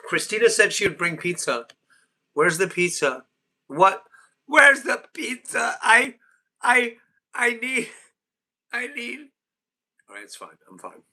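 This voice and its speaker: A man's voice: a little high, pushed and bright. A man hosting a livestream group call, chatting casually and jokingly, often repeating himself. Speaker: livestream host.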